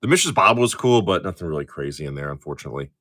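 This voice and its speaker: Lively, profane middle-aged man streaming. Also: low-pitched, racing. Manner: chatty, profane, laughs easily; rambling with frequent restarts. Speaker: live-stream card breaker. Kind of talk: casual live-stream chat.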